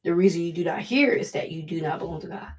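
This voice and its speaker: Talking at a quick pace in a lowish voice, this woman preaches a devotional lesson. She's earnest and conversational, and she keeps circling back to repeat her points.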